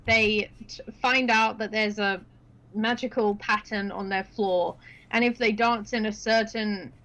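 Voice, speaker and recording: A woman's voice: mid-range voice, steady tone, unhurried, bright, forceful tone, poor audio. A woman casually chatting and recapping a movie with a friend, laughing often and using slangy, blunt words. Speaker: stream host.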